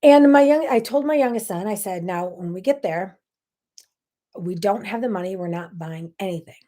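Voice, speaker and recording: A woman's voice: medium pitch, moderate pace, dark tone. A middle-aged woman hosting a talk show, telling a personal story in an earnest, emotional way with many asides. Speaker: host.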